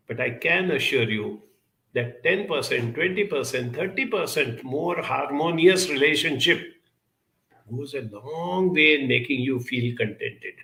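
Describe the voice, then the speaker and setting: A man giving a measured, emphatic talk and answering audience questions, with many pauses and fillers. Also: mid-range voice, lively intonation, bright, forceful tone, reverberant, low-quality recording. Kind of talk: live talk on emotional intelligence.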